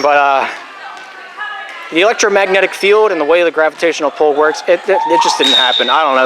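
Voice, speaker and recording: A young man doing volleyball play-by-play in a school gym, calling the plays fast and dropping jokey, rambling asides, a bit out of breath. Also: on the high side, noisy background. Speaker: play-by-play announcer. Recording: loud gym ambience.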